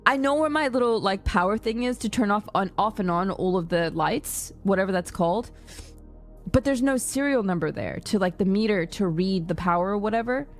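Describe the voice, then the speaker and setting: A young woman streamer rants to her chat, retelling a frustrating story and voicing the people in it. Her voice has a gravelly fry at the ends of lines, and her pitch sits at an ordinary middle height. Soft music plays faintly underneath. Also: brisk. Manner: exasperated, animated retelling with quoted dialogue. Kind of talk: casual storytime rant to chat.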